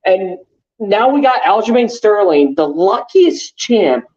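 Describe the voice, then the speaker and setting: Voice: mid-range voice, sing-song, takes it slowly, a little mellow, muffled recording. A podcast co-host in casual sports chat, ranting heatedly with lots of swearing and fillers.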